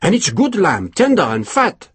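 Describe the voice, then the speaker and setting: A man's voice: high-pitched, animated, normal speed, slightly rough, no room sound, pitched above the performer's own voice. A male narrator voicing a stubborn, grudging army cook who speaks doggedly and indignantly, in an audiobook.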